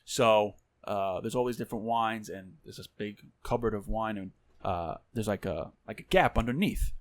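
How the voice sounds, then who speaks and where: A man telling a story on a podcast, animated and profane, with much swearing. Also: lowish voice, moderate pace, no room sound. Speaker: podcast co-host. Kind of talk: casual storytelling chat.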